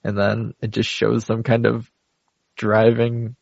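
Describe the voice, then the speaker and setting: A man's voice: on the low side, monotone, slow, vocal fry, darkish tone, dry recording. A man co-hosting a podcast, laid-back and agreeable, retelling scenes in casual chat. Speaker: podcast co-host. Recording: dry, dull lo-fi podcast audio.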